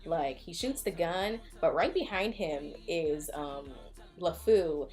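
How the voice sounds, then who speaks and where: Rambling young woman with a low voice. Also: moderate pace, vocal fry, a little mellow, soft background music. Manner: rambling, filler-heavy with many likes. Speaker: vlogger. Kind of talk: casual movie recap chat.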